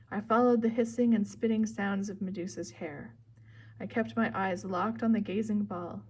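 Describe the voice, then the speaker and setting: A woman narrating a first-person storybook chapter in a steady, clear voice. Her reading is expressive but even, with a middling pitch. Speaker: audiobook reader.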